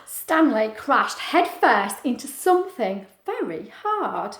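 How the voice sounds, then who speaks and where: A woman, a teacher, reads a picture book aloud to young children at home and keeps asking them questions. Her voice is high and lively and rises and falls a lot. The room around her is echoey. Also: normal speed. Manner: warm, chatty, asks children questions. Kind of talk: storybook read-aloud.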